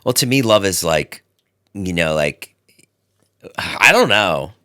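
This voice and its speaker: A man co-hosting a casual podcast chat, chiming in with quick affirmations and teasing asides. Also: low-pitched, expressive, sharp tone. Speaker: podcast co-host.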